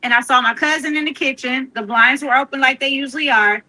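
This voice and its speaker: A middle-aged woman from Missouri, telling a personal story in casual chat with earnest warmth. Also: sits high, fast talker, rough recording. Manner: earnest storytelling, quotes her grandmother with warmth. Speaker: guest.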